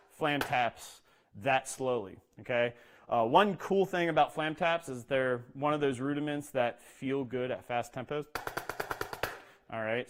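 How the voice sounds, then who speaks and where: A percussion instructor with a mid-range voice explains drum exercises step by step over background noise, frequently checking in with "okay?" His instructional talk includes demonstration, and he speaks the rudiment names in a rhythm.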